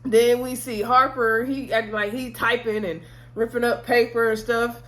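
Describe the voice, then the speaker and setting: A woman's voice: a little high, level tone, normal speed, fairly bright tone. A woman casually recapping a TV episode in chatty storytelling style, acting out what the characters said and laughing along. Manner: laughs often while telling. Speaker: TV episode reviewer.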